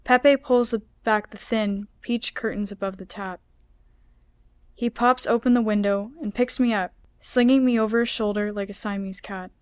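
A woman author reading her own story aloud in a measured, unhurried way. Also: mid-range voice, fairly even intonation, clean tone, no room sound. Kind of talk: literary reading.

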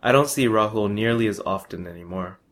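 A man's voice: fairly low pitch, fairly quick, fairly bright tone. Young man reading a personal story. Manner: plain, matter-of-fact reading.

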